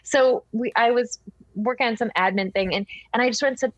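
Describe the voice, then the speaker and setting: A middle-aged woman guest gushing through animated stories in a casual interview. Her audio sounds dull and muffled, with a dry, close sound. She talks with effusive enthusiasm. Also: on the high side, a little fast, dry recording. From Wisconsin.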